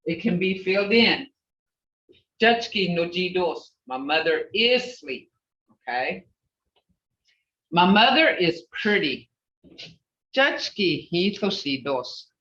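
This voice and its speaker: Woman teacher on a video call, slow and patient, repeats every word, echoey and far off, kinda muffled. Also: mid-range voice, fairly bright tone. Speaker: language teacher. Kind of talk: online language class. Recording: roomy, distant, dull video call audio.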